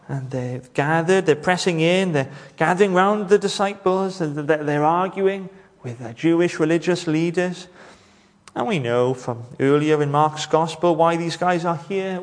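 Male preacher, fairly high voice, deliberate rhetorical sermon delivery, hall reverb. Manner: measured, rhetorical, with dramatic pauses and questions to the congregation.

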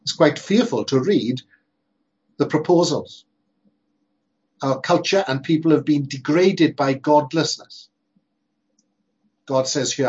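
A man preaching a sermon in an earnest, emphatic way, slowing down to stress repeated phrases. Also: fairly high pitch, a little mellow, slightly rough. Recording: dull lo-fi sermon recording.

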